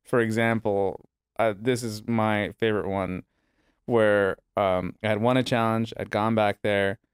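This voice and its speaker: A man's voice: on the low side, steady tone, a little slow, clear, resonant tone, no echo, clean studio sound. A man who was once a cooking contestant, chatting as a podcast guest and telling anecdotes while often correcting himself. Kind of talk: casual chat.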